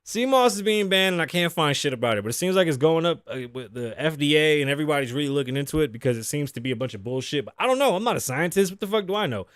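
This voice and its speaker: A man's voice: on the high side, animated, very fast, few pauses, fairly bright tone, dry recording, clean studio sound. A man in his thirties hosting a casual solo talk show, cursing freely, joking, laughing often and dropping in Spanish phrases. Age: 30s. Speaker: podcast host.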